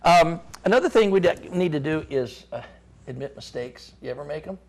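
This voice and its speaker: A man's voice: on the high side, animated, moderate pace, creaky. A middle-aged man, a chamber of commerce guest on a talk show, gives folksy business advice with frequent restarts and repeated words.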